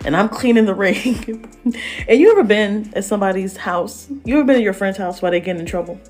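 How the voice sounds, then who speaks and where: A woman telling a story in a lively, slangy way, with laughing asides. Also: mid-range voice, fairly quick, faint music behind. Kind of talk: animated storytelling.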